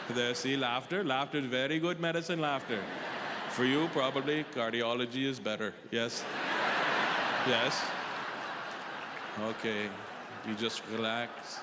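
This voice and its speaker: A comedian putting on the voice of a calm, soothing male heart doctor with an accent, who talks slowly and gently. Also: mid-range voice, pitched below the performer's own voice, lightly acted. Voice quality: slow, gentle, reassuring. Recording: reverberant live hall with audience noise.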